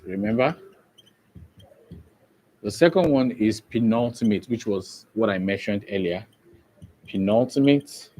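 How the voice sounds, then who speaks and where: A man's voice: medium pitch, warm tone, rough recording. A man teaching an online exam-prep English lesson, explaining step by step, repeating key terms and checking in with "okay?" often. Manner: slow, repetitive explaining with frequent "okay?" checks.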